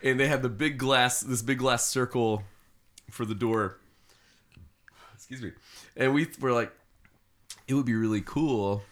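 A man's voice: mid-range voice, fairly even intonation, measured pace, long pauses, a bit bright. A man co-hosting a casual podcast, joking and telling a tour story. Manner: wry, joking interjections. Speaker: podcast co-host.

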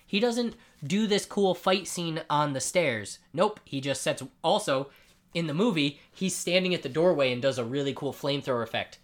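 A man hosting a casual comic book chat, recapping scenes in an animated way and acting out the characters, with frequent swearing and jokes. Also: a little high, normal speed. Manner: animated storyteller who acts out scenes; profane, joking. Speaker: comic book podcast co-host.

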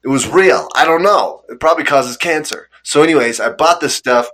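A man's voice: fairly high pitch, expressive, a little fast, a bit bright. A young man telling a rambling story in casual chat, laughing often and acting out the quotes.

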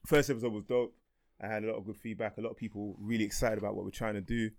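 Fast-talking low-voiced man. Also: steady tone, creaky, a little mellow, no echo, clean studio sound. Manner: quick, thoughtful, reasoned talk. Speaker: podcast co-host. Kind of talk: casual podcast chat.

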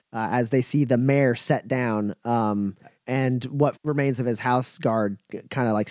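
A man's voice: mid-range voice, a little mellow, no echo, studio quality. Man narrating as game master. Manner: rambling, many fillers and restarts.

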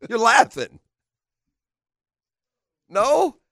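A man's voice: extremely high pitch, wildly swooping pitch, extremely slow, sharp tone, dry recording. A man hosting sports radio in a casual, playful way, laughing often and firing off rhetorical questions. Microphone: studio microphone.

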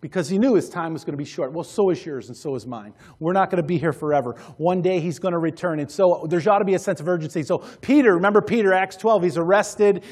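Husky high-voiced pastor guy preaching, urgent, gets loud then goes real quiet. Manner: urgent, animated preaching that drops to quiet intensity. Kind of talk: sermon.

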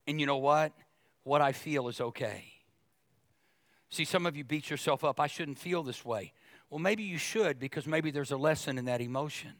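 A middle-aged male pastor preaching a sermon, animated and jokey, acting out other people's voices as he goes. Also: a little high, no echo, studio quality.

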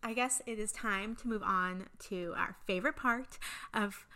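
A young woman in relaxed podcast chat, her voice sitting at a mid pitch with a bright timbre. She talks in an easygoing, chatty way and steers the conversation from one segment to the next. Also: normal speed. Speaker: podcast co-host.

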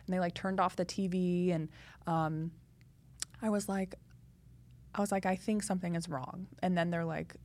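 A young woman, a podcast guest, chatting in a lively way full of fillers as she tells her story. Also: on the low side, moderate pace, long pauses. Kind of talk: casual interview talk.

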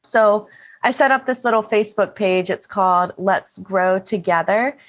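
A woman's voice: medium pitch, moderate pace. A woman talking as a podcast guest in an earnest, open and reflective way. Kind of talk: casual conversational interview.

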